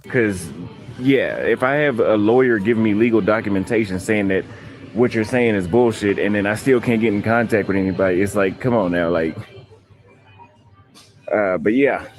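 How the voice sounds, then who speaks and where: Travel vlogger, man, low voice, relaxed and matter-of-fact. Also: moderate pace, faint music behind. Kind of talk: casual vlog narration.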